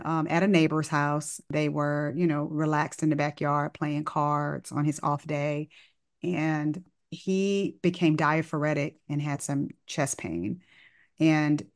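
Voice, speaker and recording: Low-voiced woman doctor telling a story. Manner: animated, acts out dialogue in the story; casual, informal wording. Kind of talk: conversational storytelling.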